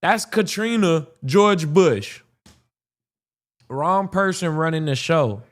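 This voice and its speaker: A man's voice: a little high, lively intonation, takes it slowly. A man hosting a podcast, reacting to a history video in casual, profane commentary, thinking aloud with restarts.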